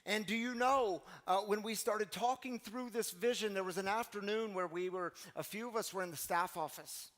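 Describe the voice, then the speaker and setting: This pastor, a middle-aged man, has a high-sitting and fairly bright voice. His sermon is built on storytelling, and he talks straight to the congregation.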